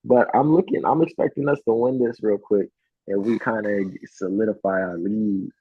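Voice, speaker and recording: A man's voice: fairly low pitch, moderate pace, breathy edge, no echo. A man co-hosting a casual sports betting chat, swearing freely and telling stories with animation. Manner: profane, animated storytelling. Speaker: podcast co-host. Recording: tinny phone-like sound.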